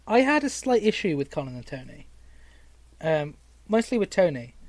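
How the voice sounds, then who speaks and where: A young British man talking through a film with friends in a chatty, laughing way, stumbling over his words now and then. His voice sits a bit high and swings widely. The sound is close and dry. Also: big pitch swings, moderate pace, a little mellow, dry recording. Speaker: podcast co-host. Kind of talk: casual film review chat.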